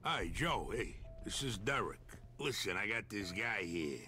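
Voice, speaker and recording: An actor playing a shrewd middle-aged dockside crime boss who talks in a streetwise, persuasive way. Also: male voice, fairly low pitch, animated, a little slow, pushed and bright, soft background music. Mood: scheming.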